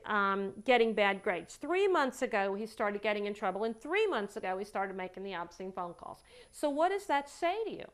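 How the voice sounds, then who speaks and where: A woman counselor telling a story from a session in a lecture, with animated, emphatic repetition and acting out both sides of the dialogue. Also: a little high.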